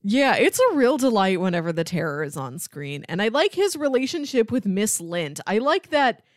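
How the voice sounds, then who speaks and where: A woman co-hosting a podcast in casual chat, thoughtful, slowing down to list her points. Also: mid-range voice, sing-song, dry recording, clean studio sound. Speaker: podcast co-host.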